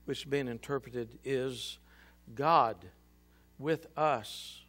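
A male pastor reading scripture and a book aloud dramatically in a church, swinging between loud and hushed. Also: fairly high pitch, expressive, takes it slowly, faint music behind. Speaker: senior pastor. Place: church sanctuary.

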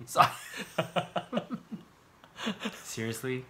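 A man hosting a casual taste-test vlog, animated and exclaiming often as he talks to the camera. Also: medium pitch, takes it slowly. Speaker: vlog host. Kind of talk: casual chat, taste-testing.

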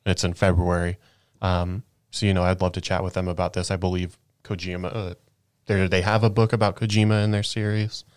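A man on a games podcast panel, talking in casual chat, thoughtful and measured. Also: sits low, flat delivery, darkish tone, clear, resonant tone, no room sound, clean studio sound.

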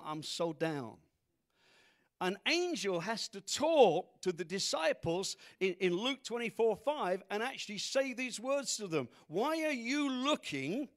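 Lively, high-voiced male preacher. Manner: lively preaching with rhetorical questions. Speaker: pastor. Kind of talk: sermon. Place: church congregation.

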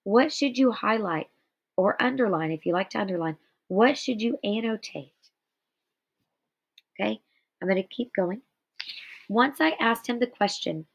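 A woman's voice: medium pitch, lively intonation, measured pace, vocal fry, pauses often. A tired, yawny woman teacher doing a guided reading aloud, with explanations to her students. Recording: slightly dull lo-fi recording.

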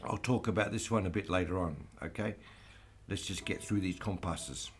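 A man teaching flamenco guitar, explaining strumming patterns slowly and patiently. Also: low-pitched. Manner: slow, patient, counts aloud over playing. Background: flamenco guitar playing.

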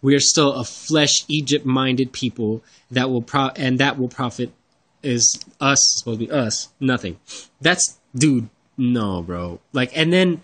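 A man's voice: mid-range voice, unhurried, fairly bright tone. Profane, exasperated man ranting. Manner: profane, rambling, exasperated, repeats himself. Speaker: religious YouTube commentator. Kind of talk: heated reaction rant over screen-shared videos.

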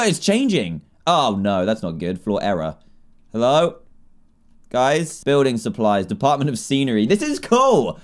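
A young man giving excitable, jokey commentary while playing a block-building game, often laughing and yelling. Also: mid-range voice. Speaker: gaming video creator. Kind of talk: Minecraft let's play commentary.

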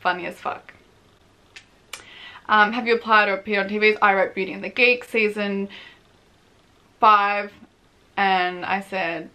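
Bright-voiced chatty young woman vlogger. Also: mid-range voice, fairly even intonation, unhurried, long pauses. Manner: chatty, swears freely, laughs often, self-mocking. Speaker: vlogger, former reality show contestant. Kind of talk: casual advice vlog.

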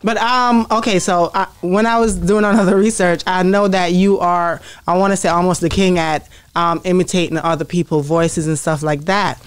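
Female host, halting, asks with plenty of ums, casual chat. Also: fairly low pitch, steady tone, clean tone. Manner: hesitant questioner with frequent fillers. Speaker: interviewer.

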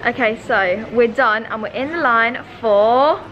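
A woman's voice: on the high side, a little slow, dull audio, noisy background. A woman chatting casually in a vlog, self-mocking and talkative. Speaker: vlogger.

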